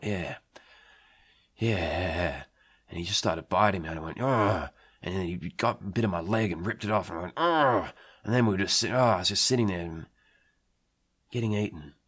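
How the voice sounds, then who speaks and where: A man playing a rambling, swearing Australian bloke who tells an absurd story in a deadpan way, with an Australian accent. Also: deep voice, breathy edge. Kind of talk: absurd comic monologue.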